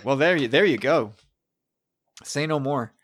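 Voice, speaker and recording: A man hosting a podcast in casual, excitable chat, often restarting his sentences. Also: medium pitch, a little slow, husky. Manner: chatty, excitable, with frequent restarts. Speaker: podcast host.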